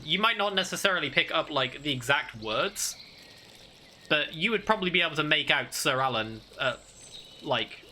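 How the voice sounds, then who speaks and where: A man's voice: on the high side, sharp tone, slight background noise. A man narrating a tabletop game as game master, rambling with lots of fillers. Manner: rambling, filler-heavy, laughs easily.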